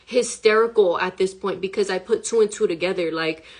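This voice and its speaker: A shaken woman tells a frightening personal story straight to her viewers in a casual vlog. Her voice sits at an ordinary middle pitch. She keeps saying "like", swears freely and stays emotional throughout. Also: a little fast. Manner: emotional, swears often, fills speech with "like". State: shaken, reliving a frightening event. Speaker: hip hop artist.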